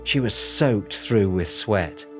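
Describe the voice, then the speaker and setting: Casting: deep male audiobook narrator, measured delivery, clear music underneath. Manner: steady, measured storytelling. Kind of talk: scripted narration.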